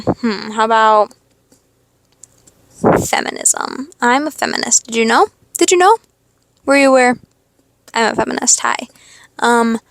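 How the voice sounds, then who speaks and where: Teen girl rambling on her own podcast, cusses a lot, kinda high voice, dry close mic. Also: vocal fry, a bit bright, no room sound. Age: teens. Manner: rambling, swearing, self-questioning. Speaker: podcast host. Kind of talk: casual stream-of-consciousness monologue.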